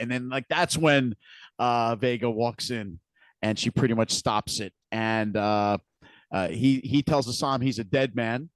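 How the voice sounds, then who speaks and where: A man's voice: medium pitch, fairly even intonation, a little slow, clean tone, no room sound. A man co-hosting a podcast, casually retelling scenes with frequent restarts and repeated words. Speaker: podcast co-host. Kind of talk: casual recap chat.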